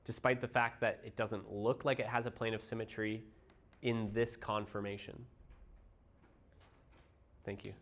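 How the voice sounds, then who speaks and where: Midwestern guy teaching chem in a classroom, explains stuff step by step, throws questions at the class. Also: mid-range voice. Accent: Midwestern American. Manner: explains step by step with everyday analogies, quizzes students. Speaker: chemistry teacher. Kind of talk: classroom review lecture.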